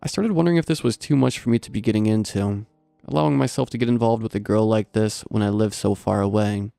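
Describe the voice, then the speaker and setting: A man calmly narrating a scary story in a steady, low-key storytelling manner, close to the mic. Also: fast, gravelly, clear, resonant tone, no echo, soft background music. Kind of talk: scripted horror story narration.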